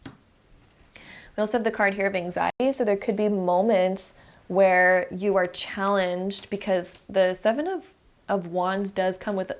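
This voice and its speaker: A woman's voice: mid-range voice, fairly even intonation, unhurried. A young woman giving a pick-a-card tarot reading in a chatty, encouraging way, speaking straight to the viewer. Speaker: tarot reader.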